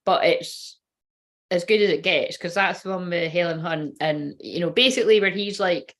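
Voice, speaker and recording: A woman's voice: fairly low pitch, moderate pace, a bit bright. A woman who works as a spiritual reader, chatting casually on a livestream, rambling, giggling and swearing freely.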